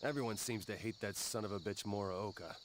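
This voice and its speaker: A man voicing a brash, gruff teenage delinquent boy who curses and flares up fast, in video game dialogue. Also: fairly low pitch, noisy background, natural voice. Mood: annoyed. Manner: gruff, cursing, quick to anger. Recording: game dialogue over loud music. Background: game music.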